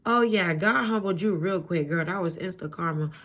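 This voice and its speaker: A woman's voice: on the low side, normal speed, fairly bright tone. A woman ranting in a casual commentary vlog, blunt and profane, exasperated, with lots of fillers, recorded on a phone at home. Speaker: vlogger. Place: at home, face cream on.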